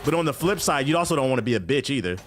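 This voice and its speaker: A man telling a story in a casual, profane rant, animated and prone to repeating himself. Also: medium pitch, racing, music in the background. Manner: animated, profane, repeats phrases, jumps into quoted voices.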